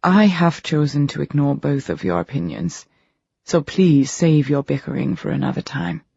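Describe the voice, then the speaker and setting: A narrator voicing a calm, courteous male doctor who speaks quietly and formally. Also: mid-range voice, creaky, slightly rough, dry recording, full character voice. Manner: polite, measured, formal. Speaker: audiobook character. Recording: dull lo-fi recording.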